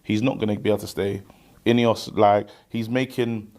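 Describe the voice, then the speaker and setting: A man's voice: lowish voice, steady tone, normal speed, a little mellow. A man from Nigeria with a Nigerian accent, a football fan answering an interviewer, hesitant and repeating himself.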